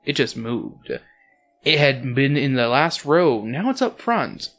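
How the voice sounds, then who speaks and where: Man reading aloud, lively pitch, joking, crude asides, comedic podcast. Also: takes it slowly. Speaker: podcast host and reader.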